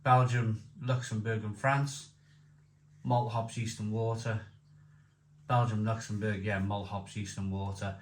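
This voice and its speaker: A man's voice: fairly low pitch, little pitch movement, measured pace. A man reviewing a beer in casual chat, enthusiastic, repeating himself and rambling. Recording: echoey room with faint noise.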